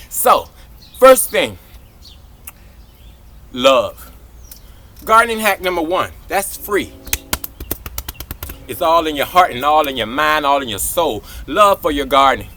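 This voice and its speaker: A man, hosting a casual outdoor gardening vlog in an exuberant, affectionate, very animated way. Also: on the high side, moderate pace, long pauses. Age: 40s. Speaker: gardening channel host. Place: outdoors in a garden, hot day.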